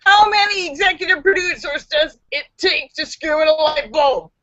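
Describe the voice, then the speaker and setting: A high-pitched woman's voice, pushed and bright at normal speed, comes through a dull, dry, lo-fi computer mic. She hosts a live stream, theatrically reading viewers' jokes, doing voices and shrieking for the punchlines amid chatty asides and frequent laughter.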